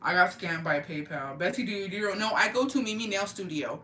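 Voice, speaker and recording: A young woman from Oaxaca, Mexico, chatting casually and profanely with her live-stream viewers in an animated, slangy way. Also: mid-range voice, brisk, a little hiss or hum. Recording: roomy, mic at a distance.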